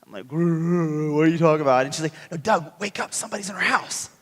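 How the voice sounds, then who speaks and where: Pastor guy preaching, acts out the story all animated, slightly high voice, big church echo. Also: a little fast. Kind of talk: sermon with personal story. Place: church sanctuary. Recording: church hall reverb.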